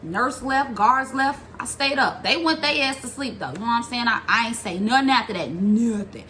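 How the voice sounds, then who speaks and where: A young woman telling a story about her own past in a casual vlog, animated and profane, acting out other people's lines. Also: a little high, moderate pace, slight background noise.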